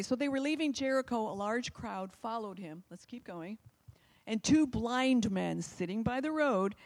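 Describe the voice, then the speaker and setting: Fervent woman preacher, higher voice. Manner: conversational, asks the congregation questions; fervent, urgent emphasis. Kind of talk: live sermon. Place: church service, also streamed online.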